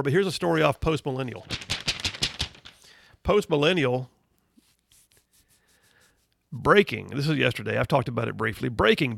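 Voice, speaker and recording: A man delivers emphatic, incredulous commentary as host of a political talk show. His voice has a gravelly rasp at mid pitch. The recording is dry and close, with no room sound. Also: fairly bright tone, dry recording. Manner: reads out news headlines. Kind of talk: opinionated commentary.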